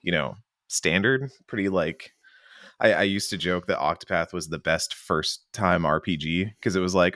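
A man co-hosting a casual podcast chat, enthusiastic and fond of acting out characters in quick silly voices. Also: sits low, animated, a bit bright, no room sound, studio quality. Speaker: podcast co-host.

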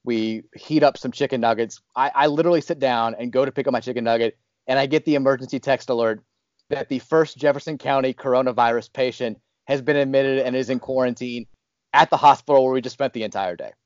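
Animated man telling a personal story. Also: medium pitch, quick pace, no room sound, lo-fi sound. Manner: animated, many restarts and fillers. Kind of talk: casual storytelling.

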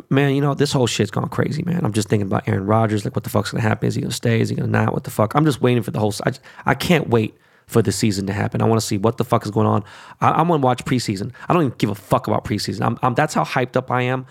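This is a man talking off the cuff to his audience, swearing freely and jumping between topics with restless hype. His voice sits fairly low with a rough, gravelly fry running through it. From Korean descent stated, not origin. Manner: profane, rambling, hyped sports talk. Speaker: vlogger. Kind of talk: casual rant to camera.

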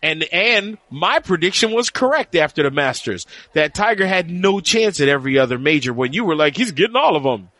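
Guy on a golf podcast, kinda high voice, teasing and riffing fast, dry close sound. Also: no room sound. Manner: animated, teasing, talks in quick bursts. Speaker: podcast co-host and golf reporter. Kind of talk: casual sports podcast chat.

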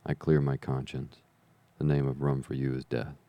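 A man's voice: a bass voice, completely flat delivery, normal speed, no echo, highs cut off. A man reading as a stern country doctor. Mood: firm. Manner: firm, warning tone.

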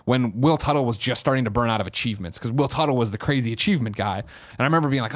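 A man's voice: mid-range voice, fast talker. A man co-hosting a gaming podcast in casual, rambling chat, swearing freely. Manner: rambling, profane, animated. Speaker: podcast co-host.

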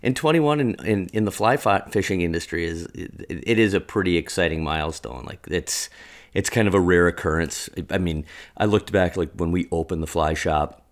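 A man's voice: low voice, moderate pace. A middle-aged man from Wisconsin, an interview guest who talks enthusiastically and jokes. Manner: enthusiastic, jokey, many restarts. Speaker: fly shop owner guest. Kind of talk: casual interview chat.

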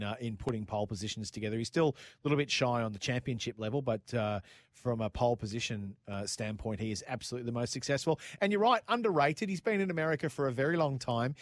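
Man, Australian accent, radio co-host, excitable, jokey, mid pitch, dry close sound. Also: no echo. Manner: excitable, jokey, matey slang. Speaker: radio motorsport show co-host. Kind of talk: casual studio banter, reading listener texts.

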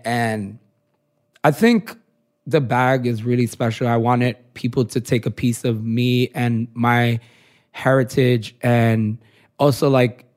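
Young male designer guest, casual and chatty, mid-pitched, rambling storyteller. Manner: chatty storytelling, many filler likes. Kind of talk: casual interview chat.

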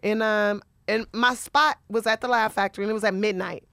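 A woman comedian telling a personal story in a candid interview, lively and profane, often acting out the voices of the people in it. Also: medium pitch, brisk, dry recording, studio quality. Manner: animated, profane, acts out voices in her stories. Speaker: stand-up comedian guest.

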